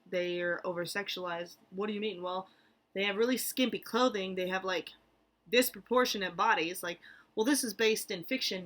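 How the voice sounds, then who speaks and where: A young adult woman, an American therapist, talking casually to camera with lots of fillers, restarts and animated asides. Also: lowish voice. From United States. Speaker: therapist vlogger. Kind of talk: casual talking-head vlog.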